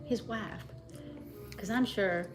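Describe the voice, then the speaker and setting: A woman's voice: mid-range voice, slow pace, soft background music. A woman co-hosting a playful live cooking chat in a home kitchen, teasing and mock-genteel in a put-on Southern drawl. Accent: put-on Southern American drawl. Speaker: co-host.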